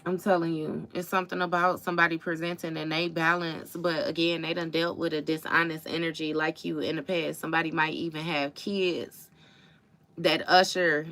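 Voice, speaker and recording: Woman tarot reader, casual livestream, lowish forceful voice, blunt, profane, repeats herself for emphasis. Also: level tone, moderate pace. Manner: blunt, profane, calls listeners baby and y'all; emphatic repetition.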